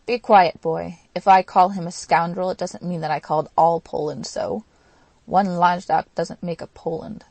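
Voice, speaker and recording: A woman voicing a hot-headed, drunken young man in an audiobook, loud and blustering. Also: medium pitch, flat delivery, measured pace, gravelly, dry recording.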